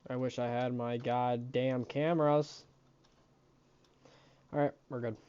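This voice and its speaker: A man giving deadpan remarks as co-commentator on a race broadcast. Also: mid-range voice, slow pace, clean tone, lo-fi sound. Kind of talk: casual commentary banter.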